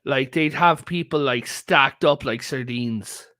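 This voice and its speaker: An Irish man joins a casual history chat over a video call as a guest, spinning stories sprinkled with "like" and "right?". His mid-range voice comes across pushed and bright at a slow pace, in a dry recording.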